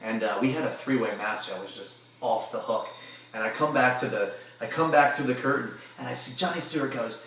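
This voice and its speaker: A man's voice: mid-range voice, fairly quick. A man, a former pro wrestler, telling stories as a guest in a casual interview, swearing freely and with lots of energy. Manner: profane, animated storyteller. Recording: echoey room, distant mic, faint noise.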